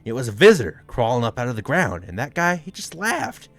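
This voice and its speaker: A man's voice: medium pitch, wildly swooping pitch, a little fast. A man voicing a scared, weary old grave digger with a folksy drawl, reading game dialogue aloud. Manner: folksy drawl, dropped words.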